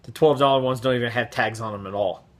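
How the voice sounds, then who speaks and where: A man vlogger telling a casual story in an animated, profane way, acting out the voices. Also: medium pitch, fast.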